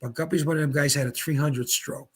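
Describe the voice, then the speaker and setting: A man in his seventies from Pennsylvania, a retired bowler and guest, telling rambling, animated anecdotes in casual chat. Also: fairly high pitch, a little fast, husky. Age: 70s. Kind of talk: casual storytelling.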